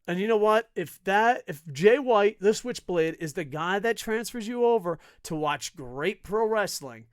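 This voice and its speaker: A man's voice: sits high, measured pace, clear, resonant tone, no echo, studio quality. A man hosting a wrestling talk stream, ranting sarcastically and with lots of swearing. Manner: profane, sarcastic, animated. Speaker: wrestling show host. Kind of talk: casual rant to camera.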